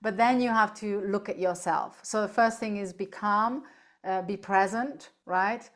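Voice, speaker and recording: A woman speaking as a podcast guest on animal end-of-life care, telling lively stories, laughing easily and often checking in with "right?". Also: medium pitch, unhurried. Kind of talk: casual interview chat.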